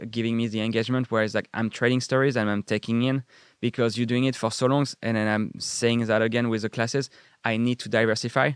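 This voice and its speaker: A man's voice: mid-range voice, smooth, dry recording, studio quality. A man, a guest chatting casually and rambling with many fillers. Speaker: guest chef. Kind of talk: casual chat.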